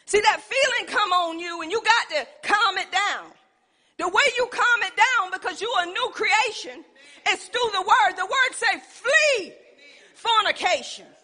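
Woman preacher, very high and bright, call-and-response sermon, church reverb. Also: normal speed. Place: church sanctuary. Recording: long reverb in a church hall.

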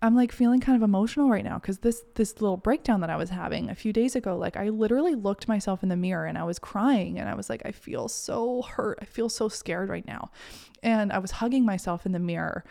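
A woman's voice: medium pitch, quick pace, gravelly, hardly any pauses, dark tone. A woman hosting a self-help podcast, talking earnestly and encouragingly to her listeners as a confidence mentor. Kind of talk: reflective solo podcast talk.

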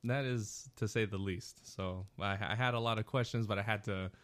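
A man co-hosting a podcast, telling stories in a casual, animated way and laughing often. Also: fairly low pitch, normal speed. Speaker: podcast co-host. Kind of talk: casual chat.

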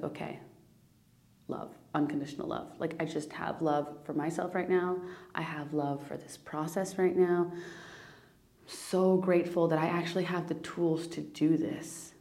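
A woman's voice: deep voice, steady tone, normal speed, darkish tone. A woman hosting a personal spiritual podcast, talking earnestly and emotionally, near tears, often restarting and repeating phrases. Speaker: podcast host.

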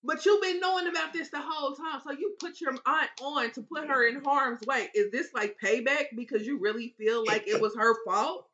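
A woman co-hosting a movie review podcast, retelling the plot in casual chat and sounding animated and exasperated, swearing freely. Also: high-pitched, normal speed, few pauses, poor audio.

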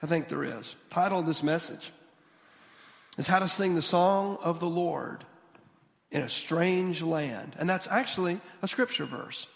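A man preaching a sermon as a guest speaker in a church, animated and quick to restart his sentences. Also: a little high, gravelly, in a large hall. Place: church sanctuary.

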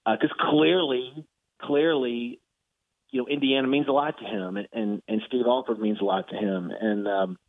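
A man, a sportswriter guest, telling anecdotes in an animated way with frequent laughter. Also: mid-range voice, moderate pace, dry recording. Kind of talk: casual storytelling. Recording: tinny phone line.

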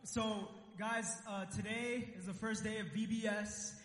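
A man makes a casual, joking church announcement and stumbles over his fillers. His voice sits high and rings with a roomy, long echo. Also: steady tone, unhurried, noisy background. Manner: joking, hesitant with many fillers. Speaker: church volunteer announcing youth events. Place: church sanctuary.

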